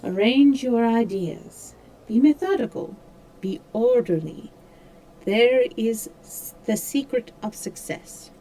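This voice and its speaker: Woman doing a high, excitable little French-accented detective, precise and encouraging. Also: takes it slowly, low-quality recording. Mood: instructive. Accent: put-on French. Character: fussy little Belgian detective, older man.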